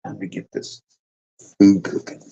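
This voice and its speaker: A man's voice: measured pace, warm tone. A man hosting a casual livestream, rambling and swearing, teasing his chat in a lazy sing-song. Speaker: livestream host. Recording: dull lo-fi stream audio.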